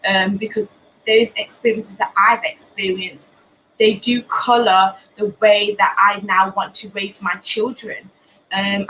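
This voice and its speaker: A young woman from Britain, hosting a live show from home and talking candidly with many pauses and restarts. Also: mid-range voice, pushed and bright, slight background noise, poor audio. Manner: earnest, many ums and restarts. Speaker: host of a live talk show. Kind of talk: candid personal talk.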